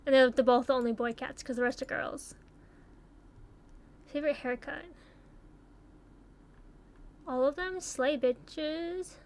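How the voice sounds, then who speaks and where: Young woman with a high voice, rambling and cursing casually thru quizzes. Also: fairly even intonation, slow pace, long pauses, darkish tone, a little hiss or hum. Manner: chatty, swears casually, muses aloud. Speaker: YouTuber taking online quizzes. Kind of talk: casual commentary while playing.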